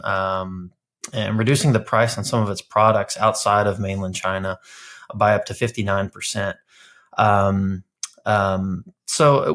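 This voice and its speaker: A man hosting a tech podcast, talking in an animated, casual way and swearing freely. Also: fairly low pitch. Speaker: podcast host. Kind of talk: casual chat.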